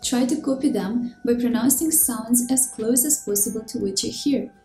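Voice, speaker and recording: A woman's voice: fairly high pitch, dark tone. Woman teaching pronunciation, echoey room. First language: Russian. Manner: clear, measured, slows down to demonstrate sounds. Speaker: language teacher. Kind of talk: scripted instructional narration. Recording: roomy echo with faint background music.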